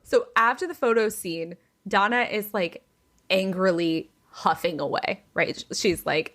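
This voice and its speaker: A woman's voice: lowish voice, moderate pace. A woman hosting a podcast, casually telling a family gossip story and acting out the people in it, saying "like" a lot. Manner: animated storyteller who acts out the people in her story; chatty, heavy use of "like". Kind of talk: casual chat.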